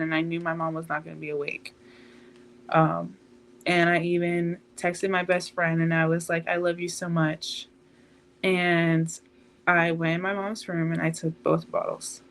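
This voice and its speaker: Soft-pitched young woman, flat delivery. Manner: halting, emotional retelling. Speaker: podcast guest. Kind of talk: emotional personal storytelling.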